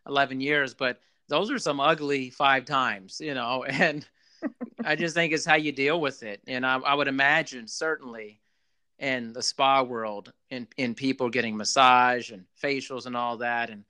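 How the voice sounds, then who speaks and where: Man, casual storyteller, bright forward tone, dry close sound, ex club manager, lively delivery. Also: mid-range voice, normal speed, clear, resonant tone, dry recording. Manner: animated, repeats "you know" often. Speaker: former club general manager.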